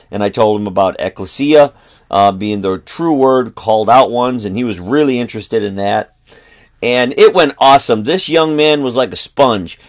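A middle-aged man, a traveling street preacher, telling a story and quoting both sides of a conversation. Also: mid-range voice.

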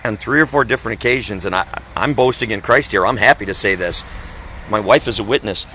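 A man's voice: lowish voice, brisk, bright, forceful tone, a little hiss or hum, low-quality recording. A man in his fifties, a traveling evangelist, preaching emphatically in conversation and repeating his phrases. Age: 50s.

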